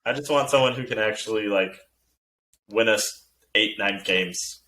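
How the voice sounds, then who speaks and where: A man's voice: on the low side, a little slow, sharp tone, rough recording. A man co-hosting a casual sports podcast, laid-back and opinionated, chuckling as he talks. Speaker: podcast co-host.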